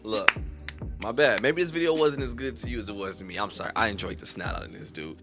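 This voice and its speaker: A young man hosting a reaction video, excitable and slangy, sometimes dropping to a near-whisper. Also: medium pitch, fast, vocal fry, loud music behind the voice.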